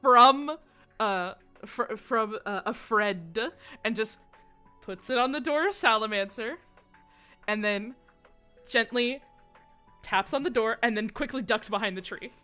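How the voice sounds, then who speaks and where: Woman player for a tabletop game: bright, chatty, excitable, faint music behind. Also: a little high, measured pace, pauses often. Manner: chatty, excitable narration of her character.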